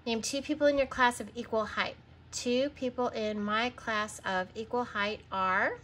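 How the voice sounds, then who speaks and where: In a recorded lesson, a woman teaches young children to read with a bright, slightly high voice. She goes slowly, sounding out words and spelling them letter by letter, and patiently pauses so her listeners can answer. A faint hiss or hum sits under the recording.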